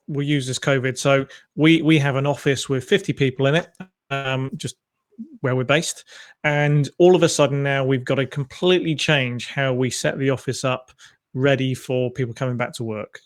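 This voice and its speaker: Interviewer guy, thoughtful, hedgy "you know" kind of talk. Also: mid-range voice. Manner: thoughtful, hedging questions. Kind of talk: conversational interview.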